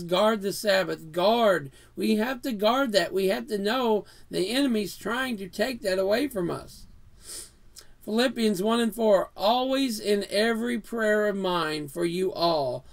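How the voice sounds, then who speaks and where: A man's voice: high voice, creaky. A man preaching an earnest sermon in a house of worship, reading scripture verses aloud.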